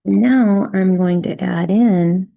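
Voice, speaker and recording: A woman teaching a step-by-step drawing tutorial, gently talking through each stroke and checking in with "right?" as she goes. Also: mid-range voice, slow, gravelly, dull audio. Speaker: drawing instructor.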